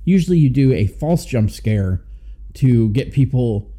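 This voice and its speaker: A man's voice: mid-range voice, lively intonation, measured pace, dark tone. A man co-hosting a podcast, chatting about a movie in an easygoing way and thinking aloud. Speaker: podcast co-host. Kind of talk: casual movie review chat.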